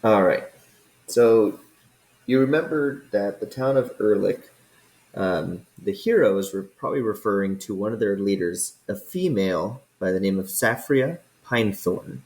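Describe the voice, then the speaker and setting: Slow, deep-voiced male game master. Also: lively intonation, darkish tone, poor audio. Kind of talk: narrating a tabletop game.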